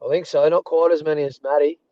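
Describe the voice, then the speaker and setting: A man in his thirties with an Australian accent, a rugby player guest telling animated anecdotes from a parked car over a remote call. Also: fairly high pitch, fast, no echo, lo-fi sound. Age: 30s. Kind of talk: casual storytelling.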